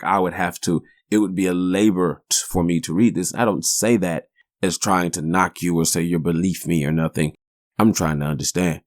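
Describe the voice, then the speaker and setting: A man's voice: low-pitched, a little mellow, dry recording, studio quality. A man in his forties hosting a podcast, telling stories in a rambling, profane, joking way. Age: 40s. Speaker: podcast host. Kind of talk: casual storytelling monologue.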